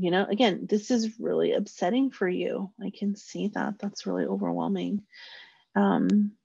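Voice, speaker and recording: A woman's voice: lowish voice, creaky, a little mellow, husky, no room sound. A woman giving a casual parenting workshop, explaining how to validate children's feelings and acting out short parent and child lines in a lifted voice. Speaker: parenting educator. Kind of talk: informal parenting workshop talk. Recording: dull lo-fi dry sound.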